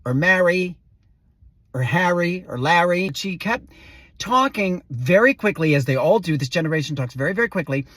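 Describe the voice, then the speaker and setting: A woman's voice: on the low side, lively intonation, normal speed, a bit bright, no echo. A woman telling a comic story in a wry, sassy, theatrical way. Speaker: performer.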